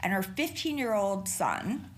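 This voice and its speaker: A middle-aged woman hosts a podcast on her own, casually rambling and cursing as she talks. Her medium-pitched voice has lively intonation and a measured pace.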